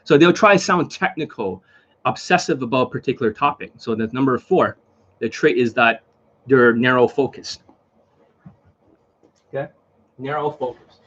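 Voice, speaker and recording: Husky-voiced man lecturing bluntly. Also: medium pitch, normal speed, pauses often, a bit bright, dull audio. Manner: blunt, repetitive, lecturing, swears under his breath. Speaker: dating coach. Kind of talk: casual to-camera talk.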